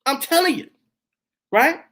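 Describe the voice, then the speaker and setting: Emphatic woman minister, lively pitch. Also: measured pace. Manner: emphatic, full of rhetorical questions and call-outs. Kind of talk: impassioned spiritual teaching talk.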